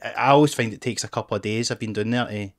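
A man's voice: on the low side, quick pace. A man with a Scottish accent hosting a podcast, easygoing and reflective, with casual swearing. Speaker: podcast host. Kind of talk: casual chat.

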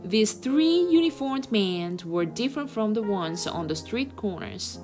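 Expressive woman reading a novel aloud. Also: medium pitch, unhurried, over music. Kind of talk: reading a children's novel aloud for English learners.

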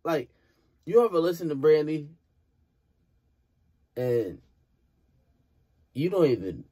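A man's voice: fairly high pitch, sing-song, slow, pauses often, mellow, husky. A young man hosting a music reaction video, talking casually and rambling in exasperated, playful disbelief.

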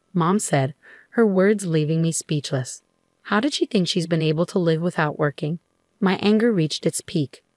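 Brief: female storyteller, lowish voice, dry close sound, steady first-person reading. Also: normal speed, dry recording. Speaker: narrator.

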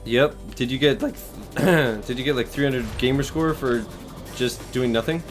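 A young man giving casual, excitable gameplay commentary, swearing and laughing often as he plays. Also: mid-range voice, unhurried. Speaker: gaming streamer. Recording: loud game music behind the voice. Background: game music.

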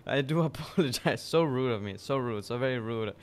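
A man streams a game live, talking briskly in a medium-pitched voice. He's playful, laughs through little asides, and slips into Spanish exclamations now and then.

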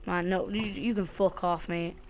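A woman's voice: lowish voice, steady tone, normal speed, darkish tone, soft background music. A woman giving casual, jumpy commentary while she plays a game, swearing often and talking to herself and to the game. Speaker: let's play host.

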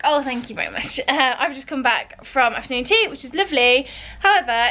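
A young woman talks to camera at home in a chatty, exasperated vlog style. Her voice sits a little high, and she rants freely with sighs and small laughs between her points. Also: sharp tone. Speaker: vlogger. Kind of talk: casual vlog chat to camera. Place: home flat, indoors.

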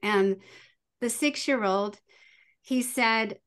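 Middle-aged woman on a podcast, high voice, animated anecdote teller. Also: takes it slowly, smooth. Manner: lively, acts out her children's voices. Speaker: podcast guest. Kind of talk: casual storytelling.

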